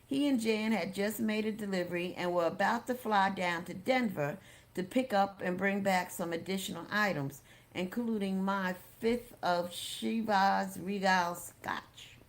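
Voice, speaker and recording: Woman, audiobook memoir reading, steady unhurried delivery, mid-pitched voice. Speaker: audiobook reader.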